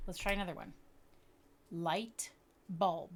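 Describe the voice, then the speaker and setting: A woman teaching a lesson for educators and parents, explaining patiently and sounding out words slowly. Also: lowish voice, slight background noise. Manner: patient, explanatory, checks in with "okay?". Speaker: literacy teacher. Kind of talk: instructional video lesson.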